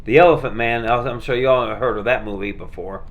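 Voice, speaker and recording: A vlogger showing his movie collection rambles in casual chat, stumbling, restarting, and filling gaps with "uh." His middle-pitched voice stays laid-back and easygoing, though his delivery is brisk.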